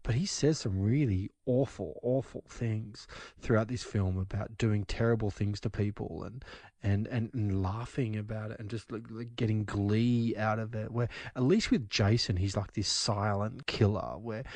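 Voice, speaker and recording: Slangy man, low and dry. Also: fairly even intonation, moderate pace, a little mellow, no room sound. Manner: rambling, blunt, loose slangy talk. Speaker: podcast co-host. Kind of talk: casual chat.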